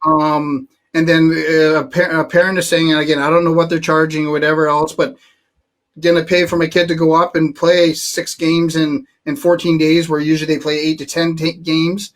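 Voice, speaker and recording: Guy in his 50s, bit high voice, stop-start sports chat. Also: little pitch movement. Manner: halting, restarts, joking. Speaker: sports talk show host. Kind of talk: casual sports talk.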